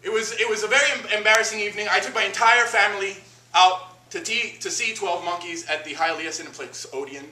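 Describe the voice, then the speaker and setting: Man from Miami doing a solo comic monologue, high voice, echoey stage from afar. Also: fast, distant mic. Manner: animated, self-mocking storytelling. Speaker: solo performer. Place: theater stage. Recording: roomy stage taped from afar, noisy.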